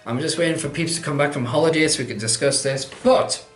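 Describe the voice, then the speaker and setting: A man's voice: a little high, quick pace, a bit bright, roomy sound, faint music behind. A man, answering viewer questions in a casual vlog, chatty and rambling, poking fun at himself. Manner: chatty, rambling, self-deprecating.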